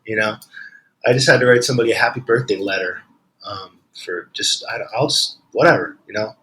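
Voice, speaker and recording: A man's voice: on the low side, a little fast, sharp tone, low-quality recording. A man with a New Jersey accent, a guest author telling a rambling story in casual podcast chat, laughing easily.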